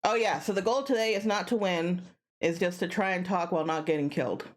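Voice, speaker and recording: A woman's voice: lowish voice, brisk. Tired, rambling woman streamer at home. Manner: rambling, tired, bursts of excited yelling. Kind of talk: casual gaming stream chat.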